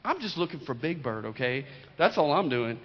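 A man's voice: mid-range voice, big pitch swings, moderate pace. A middle-aged man preaching a sermon as pastor, emphatic and repeating key lines, with joking storytelling asides. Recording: dull lo-fi recording in a reverberant hall.

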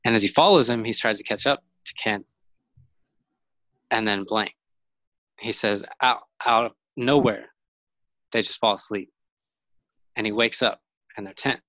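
Casual male storyteller, low voice, rambling delivery, dry close mic. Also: a little slow, pauses often, bright, forceful tone, no echo, poor audio. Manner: rambling, many fillers and restarts.

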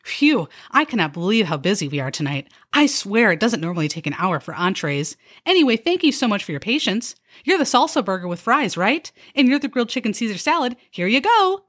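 A woman's voice: medium pitch, fairly quick, hardly any pauses, pitched above the performer's own voice. A woman doing a sarcastic bubbly waitress. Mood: sarcastic chirpy. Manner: bubbly upselling patter with deadpan jabs. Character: chirpy, sarcastic young female restaurant server. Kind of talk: comedy skit.

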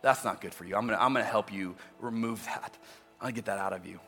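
A male pastor voicing God as a gentle, fatherly figure who speaks patiently to a listener. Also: on the low side, quick pace, pitched below the performer's own voice. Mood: gently correcting. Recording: long reverb with faint music.

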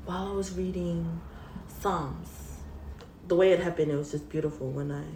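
A woman guest giving an earnest, halting faith testimony in an interview. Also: fairly low pitch, steady tone. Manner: earnest, halting, tearful at times. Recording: roomy, distant, faint hiss.

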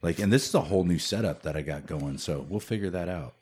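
Podcast host, man, extremely low voice, husky edge, easygoing filler-heavy banter. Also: fast, darkish tone, soft background music. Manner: laid-back, filler-heavy, says "dude" often. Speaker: podcast host, jiu-jitsu teammate. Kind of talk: casual chat.

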